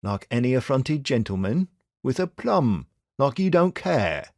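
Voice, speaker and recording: Voicing a calm, sharp young detective, a male narrator delivers blunt advice with a wry, reassuring tone. The pace is unhurried, his pitch moves up and down with energy, and the close, dry recording has no echo.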